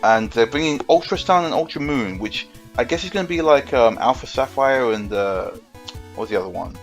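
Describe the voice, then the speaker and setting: A man's voice: medium pitch, lively intonation, fairly quick, highs cut off, soft background music. A man co-hosting a gaming podcast, rambling and joking in casual chat with lots of fillers. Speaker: podcast co-host.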